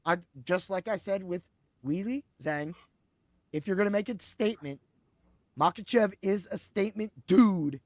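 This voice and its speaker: A man hosting a casual sports betting podcast, talking in an excitable, rambling way, swearing and laughing freely. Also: high-pitched, normal speed, dry recording. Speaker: podcast host.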